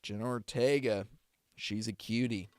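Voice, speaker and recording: A man's voice: on the low side, steady tone, a little slow, no room sound. A man, a voice actor, chatting with his stream viewers in a loose, rambling way. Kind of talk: casual live-stream chat.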